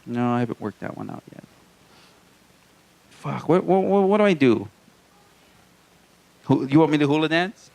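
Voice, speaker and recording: A man from Hawaii working a small comedy stage, his voice sitting fairly high and swinging up and down a lot as he tells crude jokes and trades banter with the crowd. It has a live stand-up delivery. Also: big pitch swings, moderate pace, creaky, long pauses, a little mellow.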